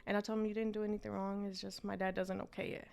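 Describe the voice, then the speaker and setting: A woman's voice: mid-range voice, little pitch movement, fast, gravelly, darkish tone. A woman, a business owner telling her story as an interview guest and switching between English and Spanish.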